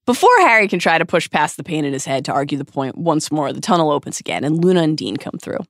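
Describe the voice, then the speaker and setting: Brief: woman co-host, lowish voice, emphatic dramatic recap reading, dry studio sound. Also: expressive, fast talker, no room sound. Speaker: podcast co-host. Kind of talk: recapping a book chapter aloud.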